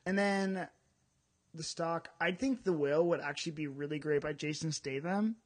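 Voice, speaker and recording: A man co-hosting a casual podcast chat, talking in an animated way with quick asides. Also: on the high side. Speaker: podcast co-host.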